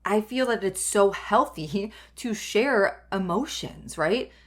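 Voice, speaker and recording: A woman's voice: mid-range voice, expressive, slow. A young adult woman hosting a solo podcast, talking earnestly in a rambling way with many fillers and restarts. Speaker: podcast host.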